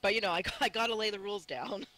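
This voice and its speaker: A man's voice: high voice, fast, pushed and bright, low-quality recording. A man playing a blunt, pushy female detective gun mage who lays down the rules in a tabletop game. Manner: blunt, no-nonsense.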